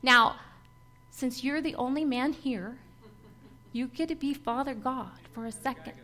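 Her voice high, bright and pushed, a woman preaches a personal testimony sermon to a church gathering at a slightly slow pace. She's earnest and emotional, and light laughs interrupt her storytelling now and then.

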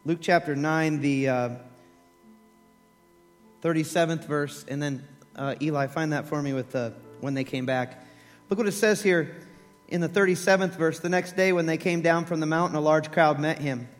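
A man preaches with a high, lively voice, acting out the story as he tells it. His words ring with long reverb through a church hall, with faint music underneath. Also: moderate pace. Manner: animated storytelling, acts out voices, laughs. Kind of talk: sermon.

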